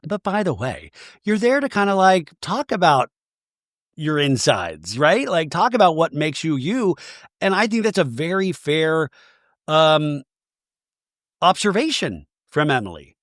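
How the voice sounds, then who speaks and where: A man's voice: a little high, measured pace, no echo, studio quality. A man hosting a podcast who recaps reality TV in a chatty, sarcastic style. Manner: animated, chatty, sarcastic asides. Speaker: podcast host.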